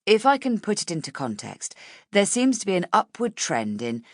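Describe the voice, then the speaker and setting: A woman's voice: medium pitch, big pitch swings, normal speed, dry recording, studio quality, voice pushed up. A woman voicing an earnest young man in an audiobook, formal and careful.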